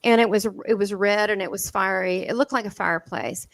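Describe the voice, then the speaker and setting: A woman's voice: medium pitch, fairly quick, vocal fry, no echo. Chatty Southern woman, dry close sound. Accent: Southern American. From southern United States. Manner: lively, laughs often, quotes dialogue with many restarts. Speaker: guest medium. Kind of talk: animated storytelling in an interview.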